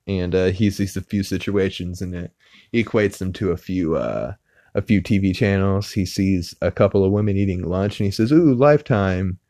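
Here a man's low voice carries vocal fry and a darkish tone, recorded at studio quality on a podcast mic without any room sound. As podcast host, he recaps a TV episode casually, rambling and restarting often with plenty of "uh" fillers.

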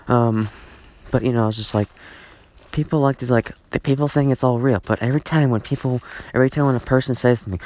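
A man's voice: mid-range voice, quick pace, darkish tone. A man hosting a solo podcast from home, rambling and exasperated, repeating himself with lots of fillers and restarts. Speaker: podcast host.

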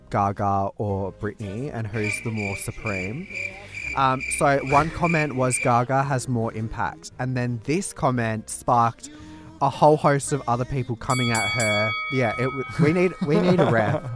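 A young Australian man from Perth co-hosting a podcast, playful and animated as he tells stories. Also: mid-range voice, moderate pace, over music. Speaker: podcast co-host. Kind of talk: casual chat.

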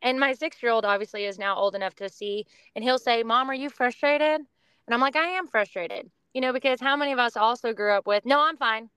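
Earnest mother sharing her faith, smooth voice. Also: on the high side, brisk, a bit bright, no room sound. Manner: earnest, reflective, talks in long runs. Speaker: podcast guest. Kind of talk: casual faith-based conversation.

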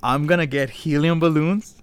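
A man's voice: a little high, steady tone, moderate pace, clean tone. A man co-hosting a casual podcast, teasing, laughing often and reading quiz questions aloud. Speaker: podcast co-host. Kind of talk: casual profane chat.

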